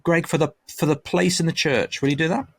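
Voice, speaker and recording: A man's voice: on the high side, fairly quick, breathy edge. A man hosting a podcast for church leaders, chatting casually and teasing his guests in a playful way. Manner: playful, teasing, lively intonation. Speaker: podcast host.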